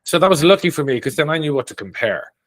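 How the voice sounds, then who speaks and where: A man with a Dublin Irish accent, a career coach talking as a guest in a casual interview, telling stories in an animated way and often laughing. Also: fairly high pitch, fast talker, dry recording. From Ireland.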